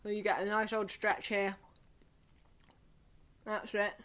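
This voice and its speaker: A Scottish woman leading an online singing group through vocal and face warm-ups, cheerful and chatty, laughing at herself. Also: medium pitch, level tone, takes it slowly.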